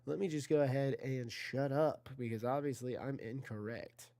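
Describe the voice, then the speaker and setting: Chill guy calling a video game football match, dark mellow tone, talks to chat a lot, corrects himself. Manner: chatty, self-correcting, talks to chat, rises in pitch on big plays. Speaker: play-by-play commentator for an online video game football league. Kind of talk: casual play-by-play commentary.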